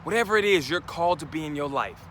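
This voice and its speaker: A man's voice: on the high side, expressive, fast, a bit bright, slight background noise. A man giving an emphatic motivational talk outdoors, speaking straight to his listeners. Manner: emphatic, preachy, addresses listeners directly.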